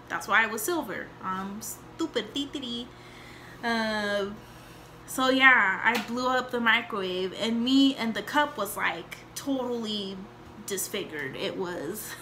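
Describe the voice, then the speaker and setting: A young woman chats her way through a rambling story in a casual home vlog, full of fillers and acted-out quotes. Her voice is bright and sits a little high, with a faint hiss of room noise behind her. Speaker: vlogger.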